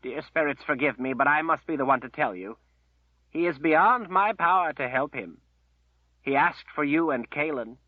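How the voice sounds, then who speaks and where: A man's voice: on the high side, moderate pace, no room sound, pitched above the performer's own voice, close to an everyday voice. A man voicing a protective old male wizard whose voice is choked with emotion, over a tinny phone-like line.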